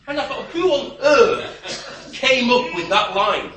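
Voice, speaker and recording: Bright-voiced preacher in a roomy hall. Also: male voice, extremely high pitch, huge pitch swings, a little slow. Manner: wry, emphatic, scornful asides. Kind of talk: expository sermon. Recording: roomy, distant church mic.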